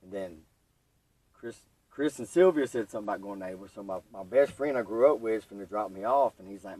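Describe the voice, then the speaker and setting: Young guy, husky voice, animated storyteller, set back from the mic. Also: fairly low pitch, fast talker, recorded from a distance, low-quality recording. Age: young adult. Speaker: podcast guest. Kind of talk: telling his recovery story.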